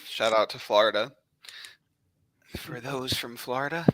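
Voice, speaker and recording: A man's voice: medium pitch, unhurried, no room sound. A man with a New York accent hosting a livestream, chatting casually and reading questions from chat. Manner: relaxed, reads chat questions. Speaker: stream host.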